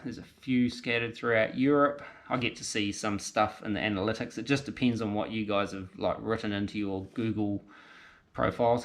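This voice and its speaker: A man with a New Zealand accent hosting a casual car restoration vlog, thinking aloud and correcting himself as he works in a garage, talking into a handheld camera. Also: on the low side. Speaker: car restoration channel host. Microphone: handheld camera mic.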